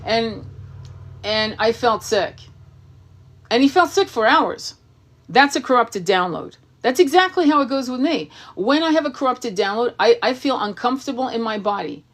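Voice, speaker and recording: Brisk and animated, with a slightly high voice, this tarot reader and spiritual coach tackles livestream comments head-on, cursing freely and rattling off rhetorical questions.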